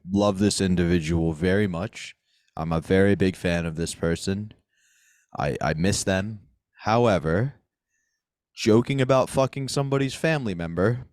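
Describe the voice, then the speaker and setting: A man's voice: low voice, darkish tone, dry recording. A man co-hosting a comedy podcast, giving a mock-serious verdict as a joke. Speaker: podcast co-host. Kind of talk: casual comedic banter.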